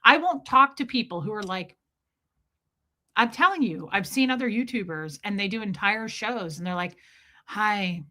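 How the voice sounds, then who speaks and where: A woman hosting a livestream, chatty and animated, greeting viewers in chat by name as she comments. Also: medium pitch, normal speed. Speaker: host, livestreamer.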